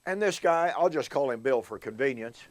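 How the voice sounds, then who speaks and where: A man giving a recorded Bible teaching talk, telling stories earnestly and addressing his listeners as folks, slowing down to stress key words. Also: mid-range voice, animated, no room sound. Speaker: Bible teacher and show host.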